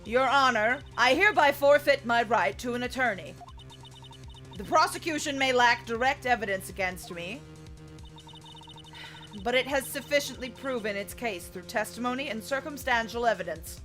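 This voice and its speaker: A woman's voice: on the high side, lively intonation, moderate pace, a bit bright, soft background music. A woman voicing a stern female chief prosecutor on trial, cold and composed, reading game dialogue aloud.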